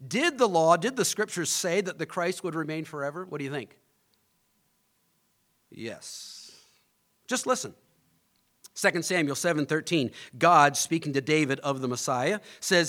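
Pastor, male, higher voice with a lively, swinging delivery; preaches and quizzes the congregation. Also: unhurried, pauses often. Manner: animated preaching, rising to emphatic peaks, asks the congregation questions. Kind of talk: sermon.

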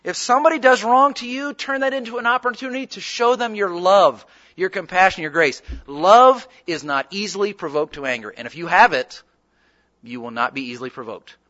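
Male pastor, sermon storyteller, high and bright, acts out dialogue, lo-fi church recording. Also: a little fast. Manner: animated storytelling, acting out dialogue.

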